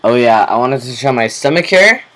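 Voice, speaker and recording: A young man talking slowly in a rambling, casual video diary, swearing offhandedly. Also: medium pitch, expressive, fairly bright tone, slight background noise, rough recording. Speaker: vlogger.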